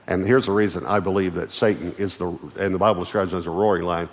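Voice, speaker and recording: A man's voice: low-pitched, fairly even intonation, fast talker. A middle-aged man with a Texan accent, preaching a sermon as pastor, emphatic and often restarting his phrases. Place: large church auditorium. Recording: long hall reverb with faint music.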